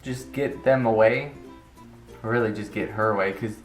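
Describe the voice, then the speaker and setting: A man's voice: fairly low pitch, fairly even intonation, moderate pace. A teenage man telling an embarrassing story to camera in a rambling, casual way, restarting sentences and acting out the quotes. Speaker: vlogger. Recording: roomy echo with faint guitar music.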